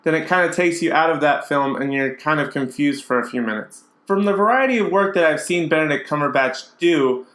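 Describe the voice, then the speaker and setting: A man's voice: fairly high pitch, a bit bright. Chatty man vlogging in an echoey room. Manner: chatty, opinionated, frequent fillers. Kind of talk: casual vlog commentary.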